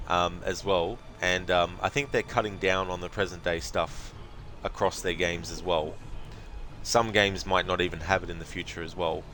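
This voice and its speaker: Australian man, streamer, low voice, relaxed chatty commentary, many fillers, faint background noise. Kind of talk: casual gaming commentary.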